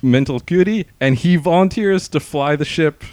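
A man's voice: a little high, normal speed. A man co-hosting a podcast, casually recapping a movie plot with frequent laughs. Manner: animated storyteller, laughs often. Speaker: podcast co-host. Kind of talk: casual movie-review chat.

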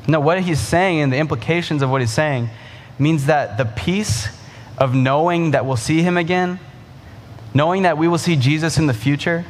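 A man preaching a sermon, earnest, slowing down to stress key phrases. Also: on the high side, in a large hall, a little hiss or hum.

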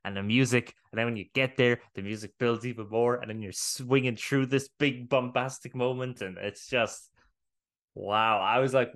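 A young adult man co-hosting a podcast, talking excitedly. He strings his thoughts together in long run-on bursts. His voice is an ordinary middle pitch, with the odd swear word. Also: moderate pace. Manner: excitable, rambling, swears casually. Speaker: podcast co-host. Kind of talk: casual chat.

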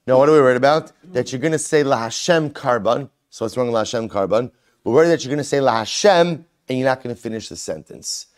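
Animated man teaching a Talmud lesson. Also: medium pitch. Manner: animated, asks and answers his own questions; mixes Hebrew and Aramaic terms into English. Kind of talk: Talmud lesson, explaining a text.

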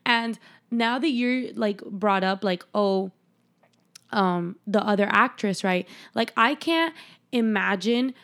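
A woman's voice: medium pitch, takes it slowly, fairly bright tone. A woman co-hosting a casual movie review podcast, retelling scenes with playful quoted voices and some swearing. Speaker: podcast co-host.

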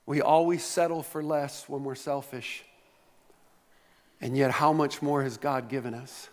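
A man's voice: medium pitch, fairly even intonation, a little slow, a little mellow. A male pastor delivering a sermon, telling stories with playful humor and asking the congregation questions. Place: large church hall. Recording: long reverb of a church hall.

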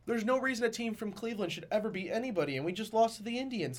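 A man's voice: sits high, expressive, racing, hardly any pauses. A young man co-hosting a podcast, telling rambling, profane, joking stories in casual chat. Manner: rambling, profane, jokey storytelling. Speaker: podcast co-host.

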